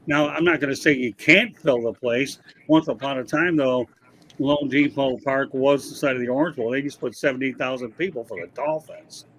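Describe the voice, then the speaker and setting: A man's voice: mid-range voice, steady tone, normal speed, fairly bright tone. A man hosting a casual sports talk show, giving his opinions at length and passing the word to the panel. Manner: opinionated, rambling, leads the panel. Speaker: podcast host.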